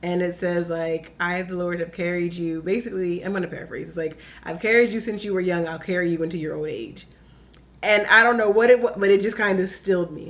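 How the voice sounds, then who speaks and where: A young woman telling a personal story in casual chat, animated and full of "like", acting out her own quotes. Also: on the low side, brisk. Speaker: podcast guest.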